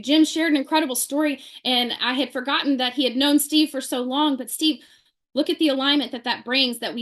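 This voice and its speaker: Woman, high pitch, animated storyteller who acts out the quotes; testimonial talk to a group. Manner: lively, acts out quoted people in her story. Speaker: speaker sharing a testimonial.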